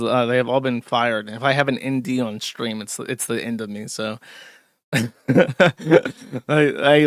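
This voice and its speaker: Male streamer host, bright and forceful tone, dry close sound, sarcastic rambling commentary. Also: medium pitch, smooth, dry recording. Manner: mocking, sarcastic, rambling with many fillers. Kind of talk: casual live-stream commentary.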